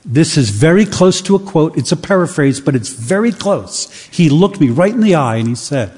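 A man's voice: fairly high pitch, lively intonation, moderate pace, few pauses, darkish tone, breathy edge, long reverb tail. A man preaching a sermon, earnest and building to emphatic questions.

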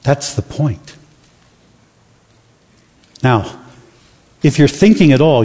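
A man preaching a sermon with dramatic, emphatic pauses. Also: mid-range voice, dark tone. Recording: long reverb of a large hall.

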